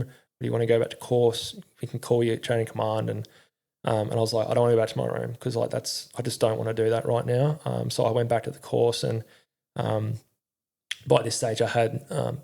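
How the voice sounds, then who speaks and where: A young man speaks in a gravelly, mellow voice with little rise and fall. He tells his story candidly in an interview. His speech is halting and full of fillers, with frequent swearing. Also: mid-range voice. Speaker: podcast guest, army veteran.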